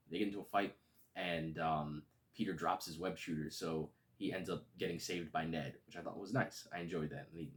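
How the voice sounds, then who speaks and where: A man casually reviewing a movie, relaxed and rambling with lots of fillers. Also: low voice.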